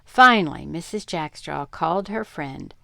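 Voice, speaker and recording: An older woman reading a children's book aloud in an expressive, animated way. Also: sits low, unhurried, creaky, dry recording. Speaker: storyteller.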